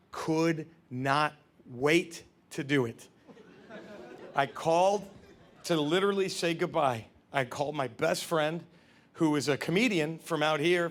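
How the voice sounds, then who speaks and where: A man performing a stand-up comedy set, telling confessional stories and jumping into loud character voices. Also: a little high.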